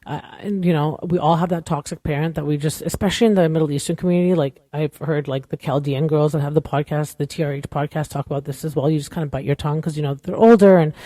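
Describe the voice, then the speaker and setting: A woman's low, mellow voice stays steady as she talks fast with few pauses, captured in a dry, studio-quality recording. She's a podcast host whose casual show recap rambles candidly, opinionated and packed with "like" and "you know."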